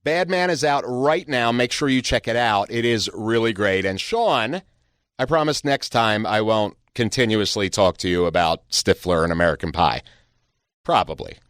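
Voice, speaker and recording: A man's voice: lowish voice, normal speed, fairly bright tone, clear, resonant tone, no room sound, studio quality. A man hosting an entertainment interview show, upbeat and joking between questions. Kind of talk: entertainment interview and host segments.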